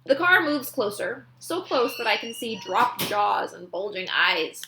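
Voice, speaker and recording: A woman's voice: mid-range voice, measured pace, vocal fry, noisy background. A woman reading a children's novel aloud, narrating expressively. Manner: expressive, animated. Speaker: audiobook reader.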